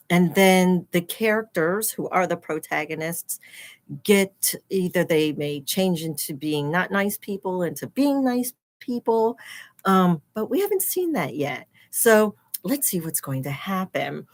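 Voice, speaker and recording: A woman teaching children as she reads a picture book aloud, explaining words and gasping and exclaiming at the pictures. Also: fairly low pitch. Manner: animated, explains terms, gasps and exclaims at pictures.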